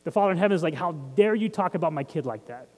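A man's voice: fairly high pitch, lively intonation, fast talker, darkish tone, long reverb tail. A man preaching a sermon as pastor, talking in a conversational way and putting questions to the congregation. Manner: conversational, asks the audience questions.

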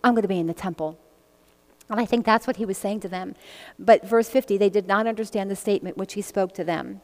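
A woman's voice: medium pitch, steady tone, fast talker, a little mellow. A woman leading a casual Bible teaching, reading verses aloud and commenting in a chatty way, laughing often between passages. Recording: long echoey reverb.

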